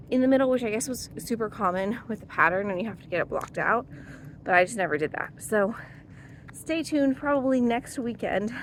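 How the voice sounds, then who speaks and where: A woman's voice: medium pitch, a little hiss or hum. A young adult woman, a drama teacher, chatting casually in her vlog, rambling with lots of fillers and little laughs.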